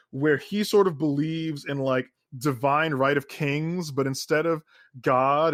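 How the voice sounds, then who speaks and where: Male podcast co-host, slightly high voice, dead-dry studio sound, casual profane ramble. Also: a bit bright, no room sound. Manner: rambling, profane, lots of fillers. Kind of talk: casual political chat.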